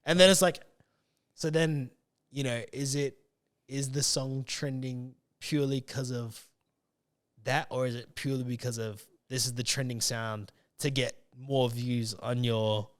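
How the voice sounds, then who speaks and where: A man hosting a casual podcast, talking in a loose, rambling way and often circling back to restart his sentences. His voice is smooth and clean, sitting at an ordinary middle pitch. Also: steady tone, unhurried. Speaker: podcast host. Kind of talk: casual chat.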